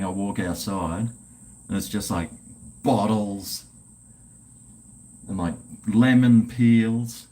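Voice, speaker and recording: Slow laid-back man. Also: lowish voice, a little mellow. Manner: laid-back, swears a lot while drinking. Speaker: livestream host. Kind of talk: casual livestream chat.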